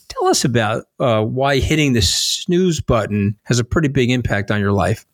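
A man's voice: mid-range voice, moderate pace, hardly any pauses, no echo. Middle-aged man, podcast host, chatty joking questions, dry close sound. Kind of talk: conversational interview.

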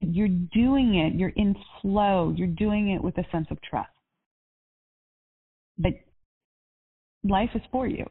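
A woman's voice: mid-range voice, slow, long pauses, slightly rough. A woman life coach on a coaching call, chatty and upbeat, with lots of casual fillers. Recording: tinny phone line.

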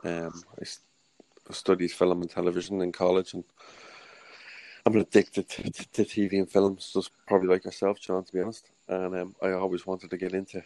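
An Irish man in his thirties talks softly and haltingly as a podcast guest. His voice is very deep and gravelly, with little rise or fall. The sound is dry and close. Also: no room sound, poor audio. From Ireland. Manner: soft-spoken, hesitant, rambling with fillers. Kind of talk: casual interview chat. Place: home at night.

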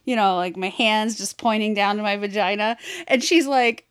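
A woman's voice: mid-range voice, moderate pace, smooth, dry recording, clean studio sound. Giggly, bawdy woman podcast host. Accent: American. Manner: bawdy, laughing, animated storytelling. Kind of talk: casual chat.

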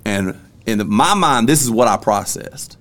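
A man's voice: fairly low pitch, animated, normal speed, fairly bright tone. A man, hosting a casual podcast and telling a story bluntly. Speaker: podcast host.

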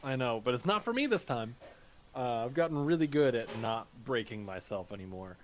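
A man playing a tabletop game, talking in character in a halting way with frequent restarts and fillers. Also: medium pitch, expressive, slight background noise.

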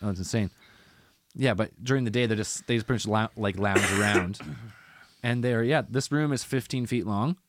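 A man's voice: lowish voice, moderate pace, heavy background noise. A man telling a travel story in casual chat, rambling with many restarts and fillers.

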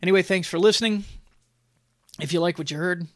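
Male host, opinion monologue; blunt, chatty, filler-heavy delivery; slightly high voice, dead-dry sound. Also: fairly quick, no echo. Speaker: podcast host.

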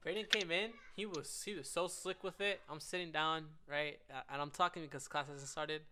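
Teen male co-host, high voice, loud joking storyteller. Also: steady tone, a little fast, a little hiss or hum. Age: teens. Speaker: podcast co-host. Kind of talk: casual chat.

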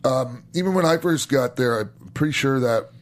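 A man's voice: medium pitch, normal speed. A middle-aged man, a former wrestler co-hosting a podcast, telling old stories in a casual, enthusiastic way, swearing freely and restarting sentences. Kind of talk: casual storytelling chat.

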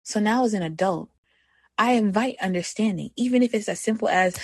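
A young woman hosting a personal podcast, talking candidly. She moves between soft reflection and animated self-talk. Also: medium pitch, brisk, breathy edge, no echo. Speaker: podcast host.

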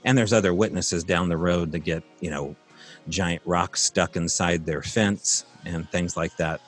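A man's voice: low-pitched, fairly even intonation, a little slow, soft background music. A man casually telling a long, rambling story from his rural property, with many fillers and restarts.

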